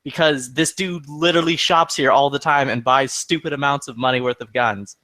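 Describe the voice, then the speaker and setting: Profanity-laced storytelling from a man, fired up and acting out what everyone said. His voice sits at an ordinary middle pitch and is recorded very dry and close, with no room sound. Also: moderate pace, no room sound. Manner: profane, heated, animated retelling with quoted dialogue. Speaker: podcast regular. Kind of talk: casual chat, storytelling.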